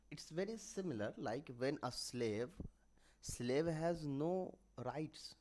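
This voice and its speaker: A man teaching a grammar lesson online, explaining terms step by step and often pausing to correct himself. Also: mid-range voice. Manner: halting, with restarts and self-corrections; writes examples while explaining.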